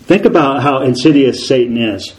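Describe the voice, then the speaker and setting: A man preaching a sermon in an animated way, asking rhetorical questions and acting out voices. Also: medium pitch, moderate pace, low-quality recording.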